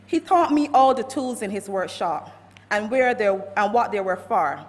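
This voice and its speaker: A woman's voice: mid-range voice, expressive, moderate pace. A Barbadian woman reading a eulogy for a family member at a funeral service, telling stories from her notes. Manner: reads from notes, warm storytelling with quoted anecdotes. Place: church. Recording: long church reverb.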